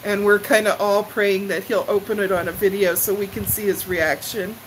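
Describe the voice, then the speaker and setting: A woman's voice: mid-range voice, little pitch movement, normal speed, a little hiss or hum, poor audio. An older woman chatting live with her viewers, emotional and tearful as she gushes her thanks. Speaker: livestream vlogger. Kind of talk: casual live chat with viewers.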